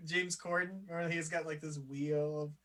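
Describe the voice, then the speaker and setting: A man's voice: fairly high pitch, steady tone, normal speed, a bit bright, distant mic. Laid-back young man, a bit off-mic. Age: 20s. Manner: laid-back, laughs often. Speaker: podcast co-host. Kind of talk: casual chat.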